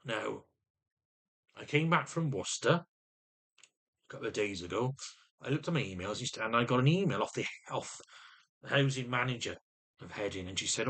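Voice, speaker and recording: A man's voice: medium pitch, expressive, moderate pace, pauses often, a bit bright, breathy edge. A middle-aged man in an agitated personal rant to camera, often stumbling and repeating words as he vents. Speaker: vlogger.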